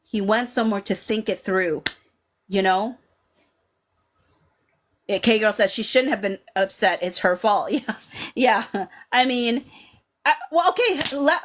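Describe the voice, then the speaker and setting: A woman in her thirties hosting a casual live stream. She reads viewers' comments aloud and talks in an animated way, full of fillers, often acting out lines from the scenes she describes. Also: medium pitch. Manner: animated, chatty, lots of fillers, quotes scenes dramatically. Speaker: podcast host reading live chat.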